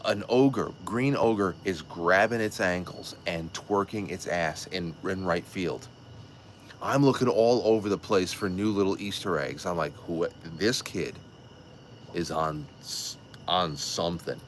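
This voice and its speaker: A man with a very low voice hosts a casual livestream. He tells a rambling, excitable story full of restarts and cursing, and faint background hiss sits under him. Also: takes it slowly. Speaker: show host.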